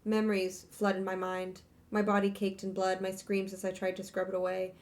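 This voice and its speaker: A woman's voice: mid-range voice, completely flat delivery, a little fast, a little mellow. Young female streamer, home setup, first-person novel reading with offhand breaks. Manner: reads in first person, breaks off to laugh and curse. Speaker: streamer hosting a book club reading. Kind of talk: reading a novel aloud with casual asides.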